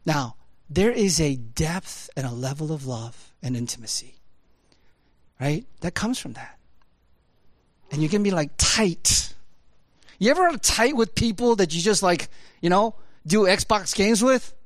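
Animated preacher, lively sweeping pitch. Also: male voice, unhurried, long pauses, no room sound. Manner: animated, swings between loud high emphasis and low quiet asides; casual, conversational with frequent laughs and fillers. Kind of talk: sermon.

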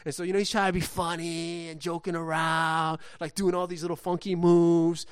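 A middle-aged man preaching a sermon, reading scripture, then telling family stories in a conversational way with frequent restarts that turn lively during the anecdotes. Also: a little high, normal speed, smooth, no echo, studio quality. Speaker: pastor.

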